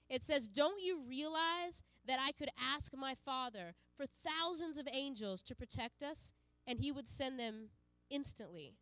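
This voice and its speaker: A woman's voice: high-pitched, a bit bright, no echo. A woman giving an earnest sermon to a congregation, with frequent fillers and restarts. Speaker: preacher.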